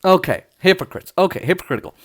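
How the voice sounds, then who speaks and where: A man's voice: high voice, expressive, fast, fairly bright tone. Sarcastic young man ranting about politics. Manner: sarcastic, mocking, full of filler likes. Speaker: political commentator. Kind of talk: casual political rant.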